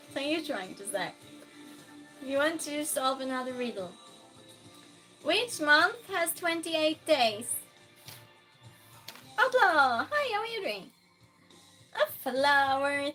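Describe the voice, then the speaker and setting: High, bright-voiced woman streamer chatting. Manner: chatty and warm with viewers, often laughing, bursts of yelling greetings. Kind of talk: casual live-stream chat, reading out viewer comments.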